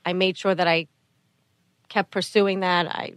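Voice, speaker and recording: A middle-aged woman, a mother, speaking as an interview guest in a soft, earnest way, often repeating her phrases. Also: lowish voice, flat delivery, a little slow, smooth, no echo. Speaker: guest, mother of a sick child. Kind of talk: interview conversation.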